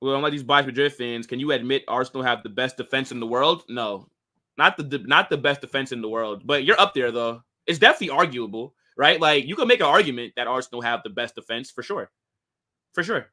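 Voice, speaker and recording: This football channel host, a young man from the United States, reads viewer comments on his laid-back live stream and answers with lots of "bro" and "like." He speaks a little fast in a mid-range voice, with a sharp tone and lively intonation.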